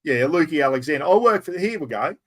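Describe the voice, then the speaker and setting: A middle-aged Australian man with a voice sitting a little high for a man chats straight to his viewers on a live stream. He is blunt and rough-spoken, with a matey, no-nonsense manner as he fields questions from the chat. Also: lively intonation, fast, a bit bright. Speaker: livestream host answering viewer questions.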